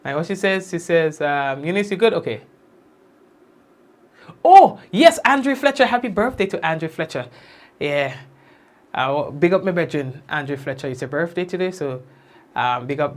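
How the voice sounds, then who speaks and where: Young guy on a phone livestream, shouting out viewers by name, easygoing. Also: on the high side, expressive. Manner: warm shout-outs to commenters by name, drawn-out blessings. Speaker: livestream news host. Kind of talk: casual livestream chat greeting viewers.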